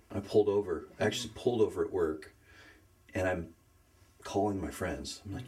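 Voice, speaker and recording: Deep-voiced man, earnest and heartfelt. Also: fairly quick, darkish tone. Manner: earnest, emotional, searches for words. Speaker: guest sharing faith story. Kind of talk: casual conversational testimony.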